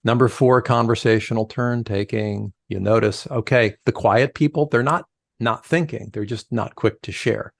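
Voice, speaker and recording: Middle-aged guy on a podcast, gravelly voice, super dry close sound, keeps acting out little quotes. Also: mid-range voice, moderate pace, dry recording. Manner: animated storyteller, acts out quoted voices. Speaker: podcast guest, leadership coach. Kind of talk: conversational podcast interview.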